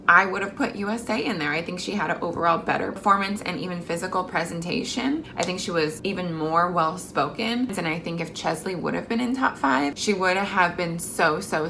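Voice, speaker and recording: Chatty young woman vlogging, bright voice. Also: on the low side, gravelly, slight background noise. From Mexican heritage. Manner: chatty and effusive, many fillers. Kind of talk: casual chat to camera.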